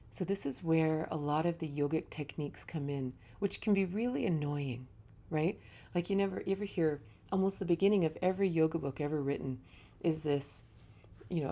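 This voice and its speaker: In a warm, low voice with no brightness to it, a female yoga teacher offers a reflective spiritual talk. Her delivery is relaxed and conversational, and she teaches through storytelling.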